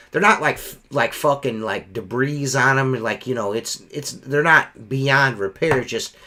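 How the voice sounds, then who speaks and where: A man's voice: medium pitch, pushed and bright. A middle-aged man who cleans windows, telling a heated, profane story in casual chat on a podcast.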